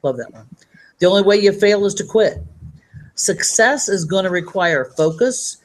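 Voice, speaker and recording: A woman's voice: mid-range voice, lively intonation, normal speed. Upbeat woman giving a rambling motivational training. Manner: upbeat, rambling, reads sayings from a handout. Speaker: network marketing trainer.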